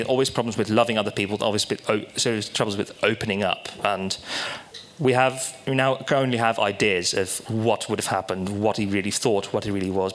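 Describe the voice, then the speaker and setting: Bright-voiced man doing a confessional set. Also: mid-range voice, slight background noise. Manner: halting, confessional, darkly joking with audience. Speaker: stand-up performer. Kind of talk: stand-up tragedy set. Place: small live comedy venue.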